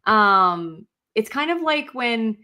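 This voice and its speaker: A woman's voice: fairly high pitch, lively intonation, slow, pushed and bright. Reflective female podcast co-host. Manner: reflective, talks things through with many fillers. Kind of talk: casual chat.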